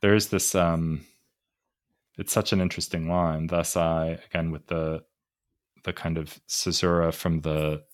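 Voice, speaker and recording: A podcast host who asks probing questions about a poem, halting and correcting himself as he goes. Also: deep voice, little pitch movement. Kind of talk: casual podcast discussion of a poem.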